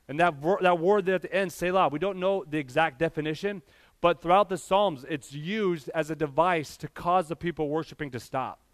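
High-voiced man preaching earnestly. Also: a bit bright, no echo, clean studio sound. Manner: earnest preaching with rising emphatic builds, addresses the church directly. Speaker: pastor. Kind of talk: sermon.

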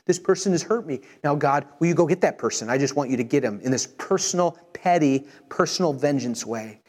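A man preaching a sermon, earnest, slowing down and softening his voice when he voices prayers. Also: on the high side, expressive. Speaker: pastor.

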